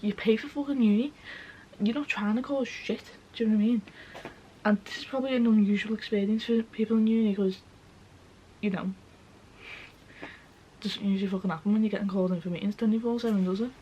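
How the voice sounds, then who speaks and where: A young woman vlogger talks fast to camera in a warm, mid-range voice with fairly even intonation, candid and sweary, tearful to the point of her voice breaking, often asking "do you know what I mean." The sound is lo-fi with slight background noise.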